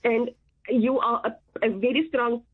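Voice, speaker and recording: Casting: young woman caller, high breathy voice, tearful, muffled lo-fi line. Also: fairly even intonation, unhurried. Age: young adult. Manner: effusive, gushing praise. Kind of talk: emotional radio call-in.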